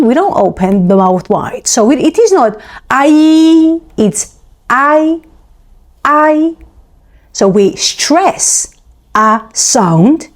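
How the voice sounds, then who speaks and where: A woman teaching a pronunciation lesson, repeating syllables slowly one by one and explaining patiently with small restarts. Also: on the high side. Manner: slow, deliberate repetition of syllables. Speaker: language teacher.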